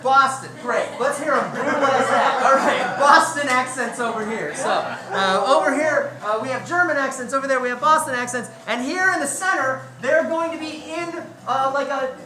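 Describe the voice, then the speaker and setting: A woman hosting a live improv comedy show, briskly and playfully explaining the games to the audience. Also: high-pitched, a crowd in the background. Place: comedy club stage. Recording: echoey club room with audience.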